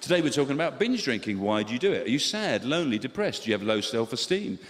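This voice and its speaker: A middle-aged English comedian delivers wry, deadpan stand-up with a very lively, swinging pitch. His voice carries through a live hall with a long reverb, and clear ambient noise sits beneath it. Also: fast talker. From England.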